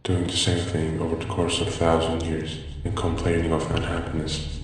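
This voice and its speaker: A man plays a commanding, mysterious presence in a video game, with an extremely low, monotone voice that preaches each line solemnly. The voice rolls through a long, booming hall from a distance. Loud ambient noise sits beneath it. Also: lightly acted. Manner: solemn, preaching, slow deliberate lecturing. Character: mysterious male entity, cryptic and commanding.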